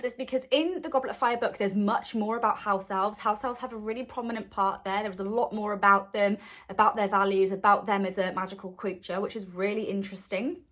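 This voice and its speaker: A woman's voice: mid-range voice, steady tone, fairly quick, a bit bright. A woman hosting a podcast, chatting enthusiastically and acting out quotes as she recaps a story. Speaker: podcast host. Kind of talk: casual recap chat.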